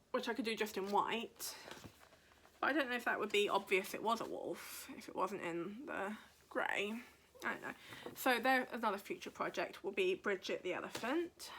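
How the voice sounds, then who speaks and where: Bright-voiced chatty woman. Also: mid-range voice, slight background noise. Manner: rambling, thinking aloud while leafing through a book. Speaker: craft podcast host. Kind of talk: casual chat.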